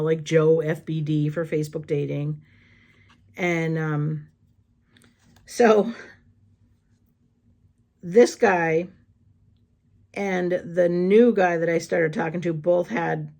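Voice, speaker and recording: A woman's voice: low-pitched, slow pace, gravelly, pauses often, mellow. A woman vlogger telling candid, blunt stories in a casual chat while she does crafts.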